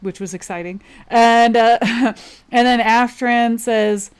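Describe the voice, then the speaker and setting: A woman's voice: a little high, steady tone, slow pace, clear, resonant tone. A woman co-hosting a podcast, casually recapping a book with frequent laughs and fillers. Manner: laughs often, filler-heavy retelling. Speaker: podcast co-host.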